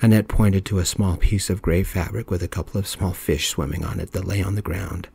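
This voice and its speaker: Soft-spoken asmr story guy, calm, really deep warm voice, dry close mic. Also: creaky, husky, no echo. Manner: calm, measured narration.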